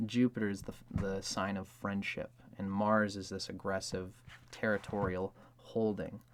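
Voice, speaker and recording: Rambling man with a lowish voice. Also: flat delivery, unhurried, slight background noise. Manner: rambling, heavy on filler words; acts out quoted lines. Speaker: astrology video host. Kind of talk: casual explanatory monologue.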